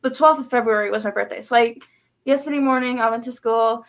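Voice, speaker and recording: High-voiced woman rambling through a story. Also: fast. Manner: rambling, filler-heavy, lots of "like" and restarts. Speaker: vlogger. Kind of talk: casual storytelling vlog.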